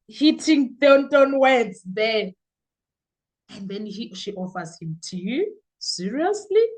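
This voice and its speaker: Animated, high-voiced woman host. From South Africa. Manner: animated, exclaiming, mixing in isiXhosa/Zulu words. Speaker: podcast host. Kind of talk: casual commentary.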